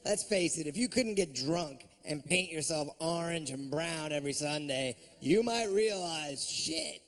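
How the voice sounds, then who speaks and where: A man's voice: fairly high pitch, animated, unhurried. A man doing a stand-up comedy routine on a club stage, ranting in a profane, sardonic way.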